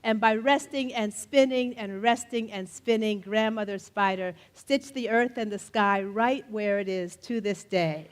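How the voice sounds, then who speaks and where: A middle-aged woman telling folktales live in a festival tent, playful and animated, joking with the audience and leading them in refrains. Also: medium pitch, unhurried, hardly any pauses. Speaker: storyteller. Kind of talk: live storytelling performance. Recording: faint audience crowd behind. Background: faint crowd of listeners.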